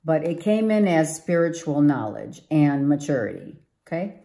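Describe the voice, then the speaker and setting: A woman's voice: low-pitched, animated, normal speed, creaky, dark tone. A woman giving a tarot reading to viewers, emphatic and exclaiming, often repeating herself. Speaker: tarot reader.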